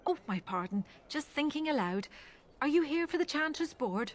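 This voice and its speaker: A woman with a high voice and lively intonation plays a pious, thoughtful chantry relic curator in a fantasy video game. She delivers her lines earnestly and in a measured way, with an Irish accent.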